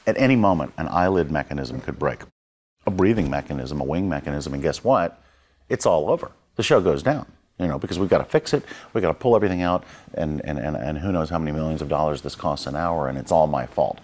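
A man, a creature effects artist, recalling a film shoot in a documentary interview, animated and laughing at himself as he acts out what people said. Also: a bass voice, fast talker.

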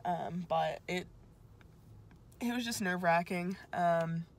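Young woman, rambling vlog chat, lower voice, faint background hum. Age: young adult. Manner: rambling, emotional, talks in quick asides. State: drained after exam. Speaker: vlogger. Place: outside a testing center.

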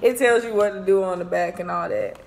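A young woman vlogging a casual product review, chatty and excitable, often calling her viewers y'all. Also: medium pitch, brisk, gravelly, noisy background.

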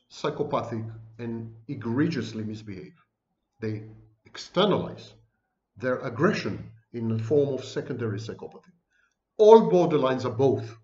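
A man giving an online lecture on personality disorders, emphatic and scornful, stacking up terms as he goes. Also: mid-range voice. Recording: echoey room, dull lo-fi sound.

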